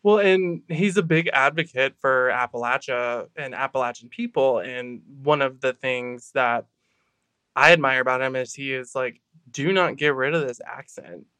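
A man co-hosts a casual podcast chat, speaking with a bright, crisp, smooth tone. He talks candidly and gets fired up. The sound is dry and close. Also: medium pitch, moderate pace, no room sound. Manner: candid, tired, fired-up about activism. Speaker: podcast co-host.

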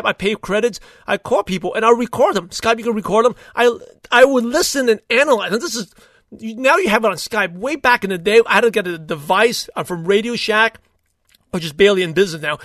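A man hosting a solo podcast, talking in an upbeat, rambling way with quick asides and restarts. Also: high-pitched, a bit bright, no echo, studio quality. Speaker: podcast host. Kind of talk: solo motivational podcast talk.

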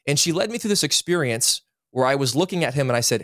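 Podcast guest in his thirties, earnest and lively, mid-pitched voice, dry studio sound. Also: fast talker, few pauses, no echo. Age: 30s. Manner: earnest, animated, acts out quotes. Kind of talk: candid interview storytelling.

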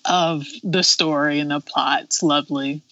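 A woman chatting casually about manga and dramas, animated and quick to slip into character voices. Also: low-pitched, dry recording, far from the mic. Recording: dull lo-fi sound.

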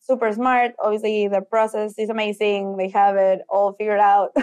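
Animated young woman guest from Mexico. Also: medium pitch, normal speed, clean tone. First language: Spanish. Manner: animated, acts out quotes, filler "like". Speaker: interview guest, designer. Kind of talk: casual storytelling in conversation.

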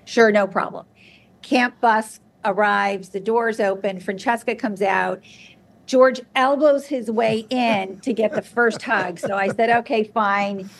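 A woman guest on an interview show, telling an anecdote in a lively, chatty way. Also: mid-range voice, slow. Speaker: guest, television producer. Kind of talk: interview storytelling.

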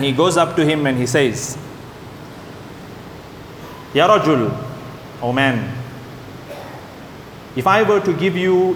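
A man preaching a sermon to his congregation, telling stories with lively delivery and acting out the people in them. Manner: animated storytelling, voices the characters in anecdotes. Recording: echoey hall with faint rumble.

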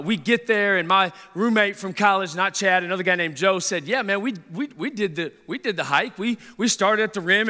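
A man preaching a sermon, telling a story in an animated way and stumbling over repeated words. His voice is high and bright. The sound rings with the long reverb of a large hall.

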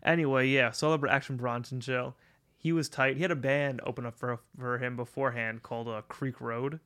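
A man's voice: mid-range voice, fairly even intonation, brisk, fairly bright tone, clean tone. A young man co-hosting a podcast, talking in a loose, rambling way, swearing and laughing often. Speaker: podcast co-host. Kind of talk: casual podcast chat.

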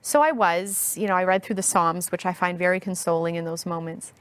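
A woman guest in her thirties, telling a personal story in an interview, earnest and heartfelt, speaking slowly and deliberately. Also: fairly low pitch, steady tone, clean tone, no echo.

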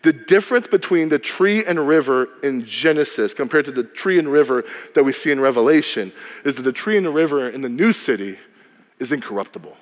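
A man preaching a sermon as a pastor, lively and humorous, dropping to a low hush for emphasis. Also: a little fast. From Cuban heritage. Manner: lively, humorous, varies volume widely, drops low for emphasis. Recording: long reverb of a large hall.

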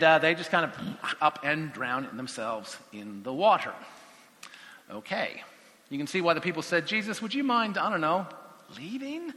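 A man teaching a Bible passage with a bright, animated voice that swings widely in pitch. He talks conversationally and acts out the quotes he tells. His voice rings in a hall with long reverb. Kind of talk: lively Bible teaching talk.

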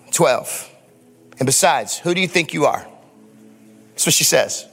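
Male pastor, fairly high voice, emphatic sermon delivery with rhetorical questions, long reverb of a big sanctuary. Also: lively intonation, measured pace, gravelly, pauses often, fairly bright tone, breathy edge. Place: church sanctuary.

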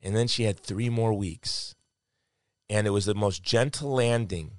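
Earnest low-voiced man telling a story. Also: unhurried, dry recording, studio quality. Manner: earnest, reflective, with heartfelt emphasis. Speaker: guest. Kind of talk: conversational storytelling.

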